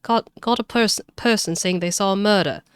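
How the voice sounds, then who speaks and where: A woman voicing a gruff male police detective, talking in an old-time gangster drawl and tacking "see?" onto his lines. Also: sits low, normal speed, fairly bright tone, no echo. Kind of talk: game dialogue read aloud on stream.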